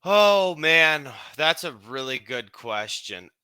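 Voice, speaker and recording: A man from Canada co-hosting a casual sports podcast, relaxed and rambling. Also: on the high side, slow, clear, resonant tone, no room sound. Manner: rambling, relaxed, lots of fillers and restarts. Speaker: podcast co-host.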